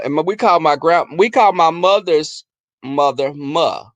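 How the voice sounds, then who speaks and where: A man telling comic family stories on his vlog, animated and profane, often breaking into laughter. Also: fairly high pitch, normal speed, dry recording. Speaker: vlogger. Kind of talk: comic storytelling.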